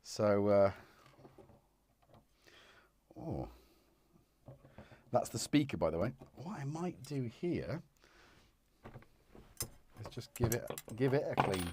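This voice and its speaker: Very animated yet slow and full of pauses, this synth-repair livestream host chats in a mid-range voice over background noise. He mutters to himself as he works and makes self-deprecating comments, while his wireless mic cuts out whenever it goes out of range.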